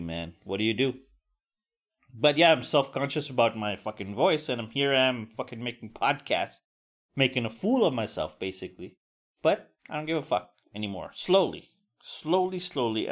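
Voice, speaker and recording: A man hosting a solo podcast, talking casually with frequent swearing and self-deprecating asides. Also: mid-range voice. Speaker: podcast host.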